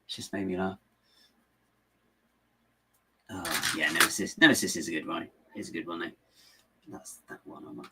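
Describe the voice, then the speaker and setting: A man's voice: deep voice, a little fast, sharp tone, slight background noise. A man with a rambling, self-mocking way of talking, chatting casually and chuckling while he builds LEGO and answers viewers. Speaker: LEGO builder and channel host.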